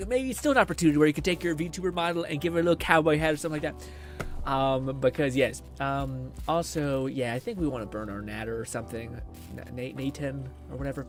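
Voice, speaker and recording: Dude streaming games, kinda high voice, rambles and cusses a lot, laughs a bunch. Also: male voice. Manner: rambling, profane, laughs often. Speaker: livestream host. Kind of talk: casual gaming stream chat.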